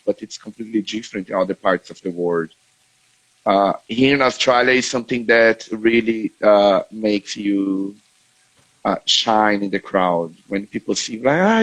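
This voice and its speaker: A Brazilian-accented man speaks English as a guest on a video call, his voice sitting fairly low. He pauses often and restarts his sentences. The sound is dry and close. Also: fairly bright tone, no echo, poor audio. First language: Portuguese. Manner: hesitant, many fillers and restarts. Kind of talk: casual interview over video call.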